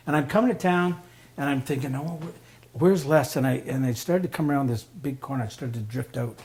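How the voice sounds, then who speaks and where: A storyteller guest with a mid-range voice tells a story casually. He grows animated, acts out the voices of people he quotes, and laughs often.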